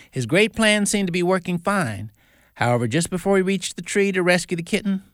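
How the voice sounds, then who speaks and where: A man's voice: sits high, a bit bright, dry recording, studio quality. A man hosting a Christian radio show, telling a story in an earnest, folksy way.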